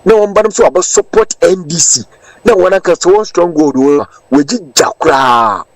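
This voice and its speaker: A man's voice: sits high, lively intonation, quick pace, darkish tone, no echo, low-quality recording. A man with a Ghanaian accent giving political commentary as a caller, stressing points by repeating words. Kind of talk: political commentary in Twi and English.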